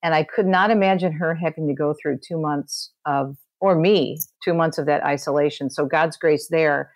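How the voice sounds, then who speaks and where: A woman's voice: sits low, steady tone, moderate pace, no room sound. A middle-aged woman, a podcast guest, telling a personal story in conversation, with frequent restarts. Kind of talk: conversational interview testimony.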